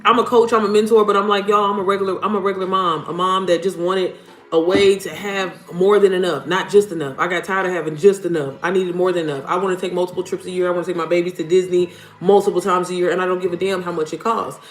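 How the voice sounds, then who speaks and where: A woman's voice: fairly low pitch, fairly even intonation, fast. Chatty blunt woman livestream host. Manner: chatty, blunt, swears casually, addresses viewers as y'all. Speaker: livestream host and mom business coach. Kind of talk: casual livestream chat. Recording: roomy home livestream with faint music.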